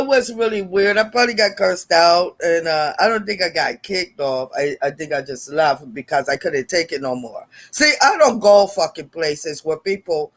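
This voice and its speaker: A woman's voice: on the low side, fairly bright tone. An older woman hosting a live stream, chatting bluntly with viewers, laughing often and swearing freely. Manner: blunt, profane, laughing, greeting viewers by name. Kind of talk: casual live-stream chat.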